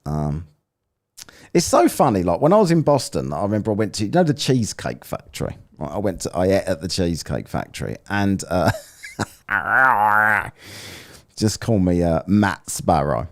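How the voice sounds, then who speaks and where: A man's voice: sits low, very animated, moderate pace. An English man commenting casually on a live stream, chatty and rambling, joking and laughing as he reads the chat. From England. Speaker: streamer reviewing a debate and reading chat.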